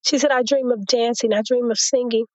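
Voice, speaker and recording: This interview guest is a woman telling her testimony in a lively retelling, voicing what others said to her. She speaks briskly in a fairly high pitch, and the recording is dry with the highs cut off.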